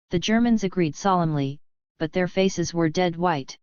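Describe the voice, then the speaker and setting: A woman reading a memoir aloud as narration, in a steady, measured way. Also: on the low side, smooth, no room sound, muffled recording. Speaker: audiobook reader. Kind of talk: scripted narration.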